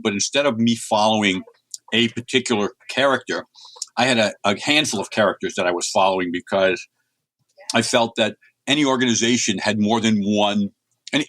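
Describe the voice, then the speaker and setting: Fairly low in pitch yet a bit bright, this middle-aged American man is a comics writer appearing as an interview guest. He tells casual, chatty stories that ramble and restart many times, with no room sound around him.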